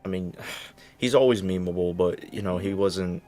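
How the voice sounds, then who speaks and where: A man's voice: low voice, moderate pace, warm tone, faint music behind. A man co-hosting a casual chat, speaking hesitantly with fillers and sighs. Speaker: co-host.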